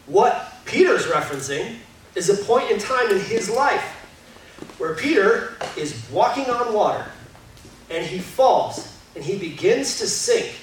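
A man preaching a sermon as pastor, conversational and earnest, sometimes quick and sometimes slow for emphasis. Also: high voice, very animated, a little hiss or hum. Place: church sanctuary. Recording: distant mic in a very echoey hall with faint guitar.

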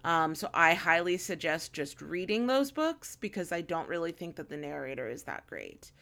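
A woman's voice: sits low, big pitch swings, normal speed, gravelly, fairly bright tone. A woman co-hosting a casual book podcast, chatty and rambling with many fillers and restarts. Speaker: podcast co-host.

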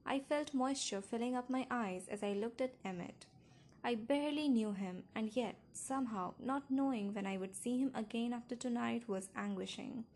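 Brief: woman with a slightly high voice, emotional first-person audiobook narration. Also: normal speed, a little mellow, a little hiss or hum. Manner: intimate, emotional storytelling. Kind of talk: first-person novel reading.

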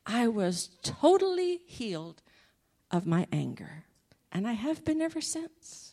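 A woman sharing a personal faith testimony in an animated storytelling manner, laughing often. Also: a little high, slow.

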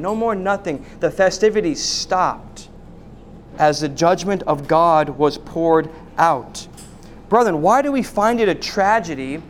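A man's voice: high-pitched, slight background noise. A man preaching a sermon as pastor, asking repeated rhetorical questions and often restarting his words.

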